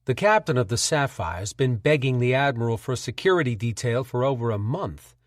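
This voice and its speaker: A man voicing a scheming middle-aged senator with a smooth New England accent and a patronizing manner. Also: mid-range voice, expressive, fairly quick, no echo, clean studio sound, lightly acted. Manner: smooth, patronizing, slyly mocking.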